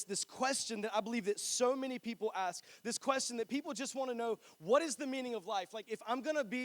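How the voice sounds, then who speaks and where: High-voiced young man preaching a sermon. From North Carolina. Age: 20s. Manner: chatty, joking, animated storytelling. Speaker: pastor. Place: church.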